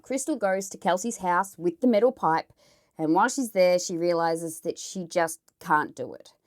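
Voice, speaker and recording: An Australian woman recounts a true crime story, chatting casually and editorialising bluntly with plenty of swearing. Her voice sits fairly low.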